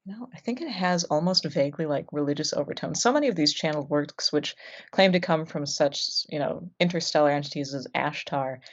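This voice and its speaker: A woman's voice: low voice, a little fast. A woman hosting a podcast in casual chat, musing aloud with many ums. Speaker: podcast host. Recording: dull lo-fi sound.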